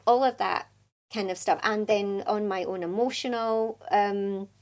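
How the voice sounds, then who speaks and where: A woman's voice: medium pitch, fairly even intonation, measured pace. A middle-aged woman with a Scottish accent, a guest in a casual interview, talking candidly and laughing often. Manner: chatty, candid, laughs often, restarts sentences. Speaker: podcast guest, business owner.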